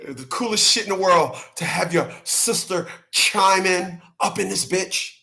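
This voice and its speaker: A man with a notably high voice rants on his livestream, loose and profane. He repeats his points for emphasis and breaks into laughter between them. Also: a little slow, creaky, pushed and bright. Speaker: channel host. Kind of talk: casual livestream rant.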